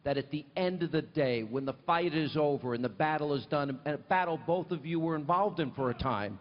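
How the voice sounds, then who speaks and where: A man's voice: a little high, a little fast. Emphatic male TV host, echoing venue. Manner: rambling, emphatic questions with restarts. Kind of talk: live political interview. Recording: muffled live mic with hall reverb.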